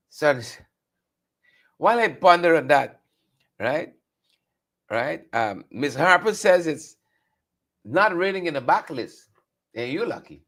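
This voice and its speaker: Male studio host, higher voice, chatty live morning-show patter. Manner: chatty, repeats phrases, greets viewers by name. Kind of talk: live morning show chat reading viewer comments.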